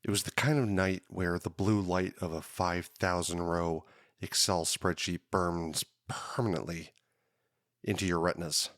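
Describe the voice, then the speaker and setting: A man hosting a podcast, telling his own story in a dramatic, drawn-out hardboiled detective style. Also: low voice, fairly even intonation, a bit bright, no echo, clean studio sound. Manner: dramatic, drawn-out noir delivery. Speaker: podcast host.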